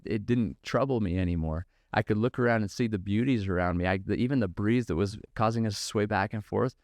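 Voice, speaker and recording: Earnest low-voiced man, clear and dry. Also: no room sound. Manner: earnest, measured, preacherly repetition. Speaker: podcast host and company founder. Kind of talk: reflective faith-based monologue.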